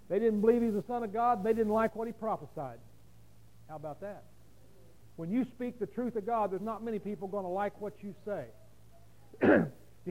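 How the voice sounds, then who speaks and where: A man's voice: high voice, a little mellow, low-quality recording. A man delivers a sermon. He preaches conversationally, leaning on rhetorical questions to his listeners.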